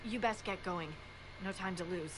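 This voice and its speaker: A woman's voice: medium pitch, moderate pace, lightly acted. An actress playing a female army scout in a video game, delivering war reports in a clipped, urgent way. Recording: game audio with steady background noise.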